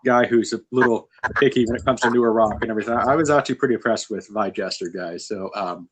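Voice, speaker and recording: A man's voice: fairly low pitch, fast, slightly rough, poor audio. A man hosting a casual music interview, talking in a rambling way with many fillers and restarts. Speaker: interview host.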